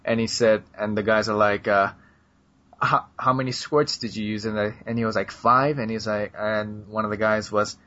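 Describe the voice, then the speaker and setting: A fairly low-pitched man with little pitch movement and a slightly bright quality speaks at a moderate pace. He's co-hosting a podcast in a loose, rambling chat with many fillers and laughs, on a dull lo-fi recording.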